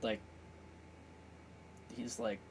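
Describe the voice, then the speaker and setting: A man narrating a tabletop game as game master, halting, with many fillers. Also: very noisy. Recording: clear music bed behind voice.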